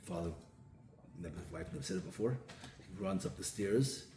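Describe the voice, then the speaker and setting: A rabbi gives a Torah talk as a storytelling sermon, acting out the people in his stories. His voice is low with lively intonation at a moderate pace, in an echoey room with faint ambient noise.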